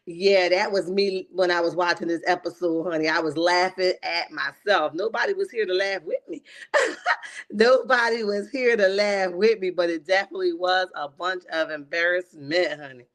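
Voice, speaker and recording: Slangy woman livestreaming a reality recap. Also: mid-range voice. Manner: animated and laughing, often calls listeners "honey"; slangy and emphatic. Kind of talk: casual livestream commentary.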